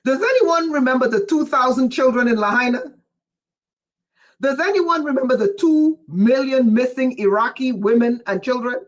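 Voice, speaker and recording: A livestream host reading viewer chat, who gets excited and raises their voice, often breaking off with "whoa" and asking listeners whether they follow. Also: sits high, moderate pace. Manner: breaks off with repeated "whoa" and "wait". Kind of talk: casual livestream talk to viewers.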